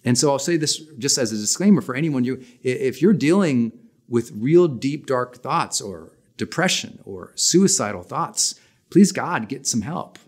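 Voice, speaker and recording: A man in his forties teaching a personal development class in an energetic, emphatic, conversational way. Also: medium pitch, normal speed, breathy edge. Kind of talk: motivational class talk.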